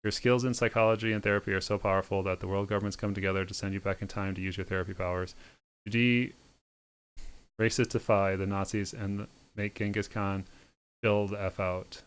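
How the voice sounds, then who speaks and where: Reading a visual novel aloud on stream, this man moves fast, his smooth voice pitched on the low side. His deadpan, sardonic tone is broken only by rapid comic jabs at the text.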